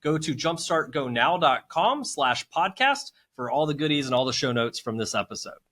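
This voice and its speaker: A man's voice: on the high side, sing-song, normal speed, bright, forceful tone. A man hosting a podcast, upbeat and effusive as he introduces guests and asks questions. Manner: enthusiastic and effusive. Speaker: podcast host.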